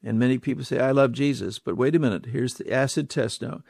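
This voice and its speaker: Preacher, male, mid-pitched, dry close sound, emphatic with repeated words and rhetorical questions. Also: fairly even intonation, quick pace, creaky, darkish tone, no room sound. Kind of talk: sermon.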